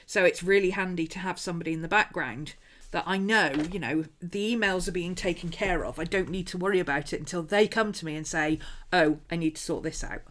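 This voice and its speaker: A woman's voice: on the low side, fairly quick, hardly any pauses, fairly bright tone. A woman hosting a casual craft livestream at home, rambling chattily with frequent laughs and asides while she paints. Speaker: host.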